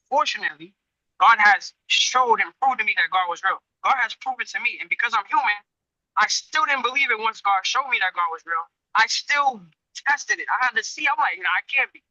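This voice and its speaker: A man's voice: very high-pitched, sharp tone, no room sound, muffled recording. A man who trains people at a gym, telling a long story in a casual, rambling way, often restarting and turning to his listeners with questions. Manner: rambling, frequent restarts, addresses listeners directly. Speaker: Muay Thai gym trainer.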